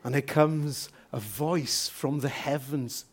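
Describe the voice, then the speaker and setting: A man preaching a sermon as pastor in a church, telling stories lively and asking rhetorical questions. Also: mid-range voice, slow, hardly any pauses, slightly rough.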